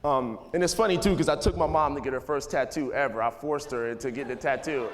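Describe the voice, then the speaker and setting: A man in his thirties giving a relaxed, rambling talk to a live audience in a school auditorium, full of "you know" and "like". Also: medium pitch, fast, slight background noise. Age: 30s. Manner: loose and conversational, heavy with "you know" and "like". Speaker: guest speaker. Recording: long hall reverb.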